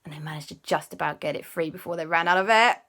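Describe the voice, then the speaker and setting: A woman hosting a children's show, telling a story in a lively, animated way with gasps and sound effects. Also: low voice, fast talker.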